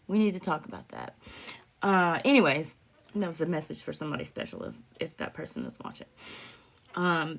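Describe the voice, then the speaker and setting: A woman's voice: mid-range voice, fairly bright tone. A young woman vlogging casually about her own experiences, rambling and emotional, often trailing off with laughs and sighs. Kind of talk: casual personal storytelling to camera.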